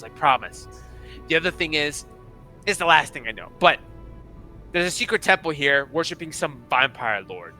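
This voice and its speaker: A man voicing an excitable, eccentric little male kobold king who exclaims in a shrill, strained voice.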